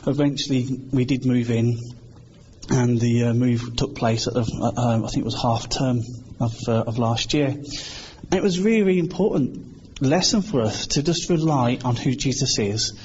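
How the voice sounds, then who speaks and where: A man's voice: medium pitch, moderate pace, a little mellow, husky. A British man giving an informal, earnest sermon in a conversational way, acting out quoted voices now and then. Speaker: preacher. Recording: slightly dull, faint background hiss.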